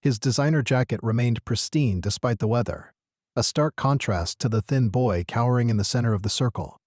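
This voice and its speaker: A man's voice: mid-range voice, a little fast, dry recording. Man narrating a story, dry close sound. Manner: steady, earnest storytelling.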